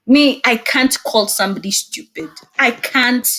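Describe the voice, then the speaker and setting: A young woman speaking as a guest in a casual video-call interview, expressive and laughing often. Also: on the high side, measured pace.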